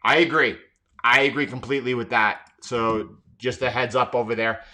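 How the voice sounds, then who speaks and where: A man's voice: mid-range voice, fairly even intonation, normal speed, bright, forceful tone. A man hosting a live trading stream, talking emphatically and often repeating and restarting his words. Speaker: trading livestream host. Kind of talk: live market commentary.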